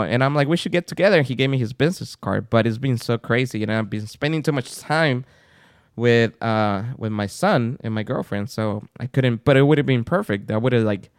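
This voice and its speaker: In a mid-range voice, another podcast co-host recounts a story during casual conversation and performs the characters involved. The studio recording is clean, with no echo.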